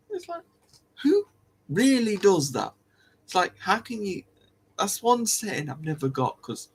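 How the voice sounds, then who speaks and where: A man's voice: high-pitched, lively intonation, a little slow, pauses often, breathy edge. A man hosting a live stream, rambling and musing aloud to his viewers in casual chat, coughing now and then.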